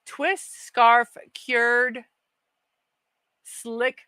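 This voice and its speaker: A slightly high woman's voice drawls through a casual morning livestream, laughing easily and chatting with viewers in a self-deprecating way. She takes her time over each phrase, and the sound is close and dry. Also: fairly even intonation, very slow, bright, forceful tone, clear, resonant tone, no echo, low-quality recording. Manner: chatty and self-deprecating, laughs often, reads chat aloud. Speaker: host of a daily morning livestream.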